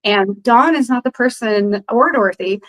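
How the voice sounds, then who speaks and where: A woman with a fairly high voice tells a long story in relaxed conversation. She rambles and fills gaps with ums and you-knows. She brings the people in her story to life by voicing their quoted lines. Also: normal speed, low-quality recording. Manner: animated retelling, acts out others' quoted lines; rambling with frequent fillers. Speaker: podcast guest. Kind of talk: casual storytelling.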